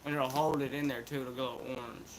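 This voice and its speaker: A man's voice: mid-range voice, level tone, a little fast, slight background noise, poor audio. A man with an Appalachian accent chatting in a laid-back, rambling, slangy way as a vlog host. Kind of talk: casual chat vlog.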